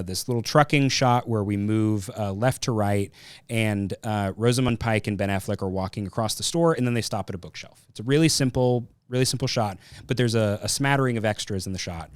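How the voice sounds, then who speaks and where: A man's voice: fairly low pitch, no echo. A man hosting a casual film review podcast, rambling and thinking aloud as he tells a story. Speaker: podcast host.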